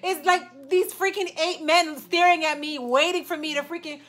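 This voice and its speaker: High bright exasperated woman vlogger. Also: steady tone, normal speed. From New York area. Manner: exasperated storytelling, addresses viewers. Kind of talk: casual vlog chat.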